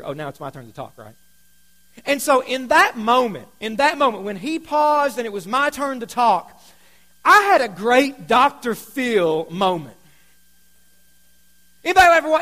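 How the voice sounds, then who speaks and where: Pastor, male, very high voice, chatty storytelling sermon with loud and hushed swings. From Kentucky.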